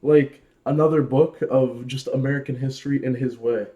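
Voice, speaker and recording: A man's voice: medium pitch, fairly even intonation, normal speed, mellow. A man co-hosting a metal reaction video, chiming in with short, laid-back remarks. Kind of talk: casual chat.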